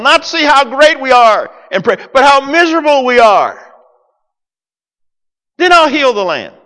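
A male preacher from the United States delivers a sermon, his fairly high voice leaping up and down in pitch. He swings between loud declarations and hushed asides. A long hall reverb trails behind him. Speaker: pastor.

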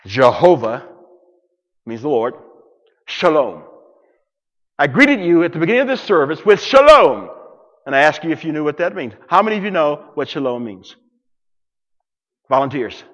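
A man preaching a sermon to a congregation, dramatic, swinging from loud declarations to hushed near-whispers. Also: on the high side, big pitch swings, brisk, big-room sound, highs cut off. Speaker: pastor.

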